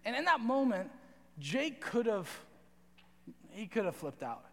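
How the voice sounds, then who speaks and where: A young man preaching to a youth audience, telling a story in a lively, conversational way and often checking in with "right?". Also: high-pitched, measured pace. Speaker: youth pastor. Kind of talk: sermon with storytelling. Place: large hall with audience. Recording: reverberant hall.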